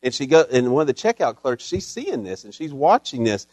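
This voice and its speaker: A man's voice: medium pitch, big pitch swings, fairly quick, a little mellow, no echo. A middle-aged man preaching a sermon in a folksy, storytelling way with touches of humor. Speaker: pastor. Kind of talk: Mother's Day sermon.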